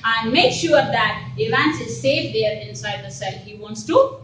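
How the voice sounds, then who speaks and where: Woman teacher walking a class through a story, often asking if they understood; high voice, heard from across a roomy space. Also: lively intonation, measured pace, fairly bright tone, a little hiss or hum. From India. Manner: repetitive, checks understanding. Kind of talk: explaining a story lesson. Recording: roomy sound from a distant mic.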